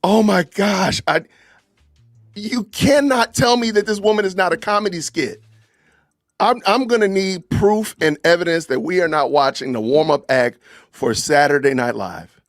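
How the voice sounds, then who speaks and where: A man's voice: high voice, moderate pace, dry recording, studio quality. A man hosting a live podcast, reacting to clips with laughter and disbelief. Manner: laughing, incredulous, exclamatory. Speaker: podcast host. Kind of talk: live-stream reaction commentary.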